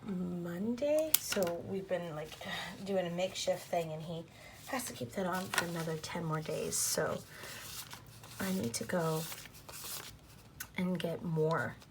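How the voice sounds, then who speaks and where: A woman in her thirties, a planner vlogger, narrates a casual plan-with-me video at home in a slow, lowish voice, speaking softly and often half-whispering to herself. She gets flustered and self-deprecating over her mistakes, and the home recording is noisy.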